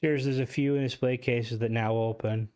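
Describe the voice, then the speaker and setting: A man's voice: mid-range voice, steady tone, moderate pace, darkish tone, clear, resonant tone. A man streaming a video game live, chatting casually with viewers, swearing freely and reacting aloud to what happens on screen. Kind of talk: casual live gameplay commentary.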